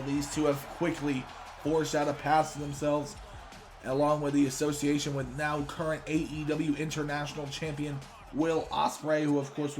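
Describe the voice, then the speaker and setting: Excitable man doing wrestling commentary. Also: fairly high pitch. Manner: excitable announcer hype. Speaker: commentator for a video game wrestling series.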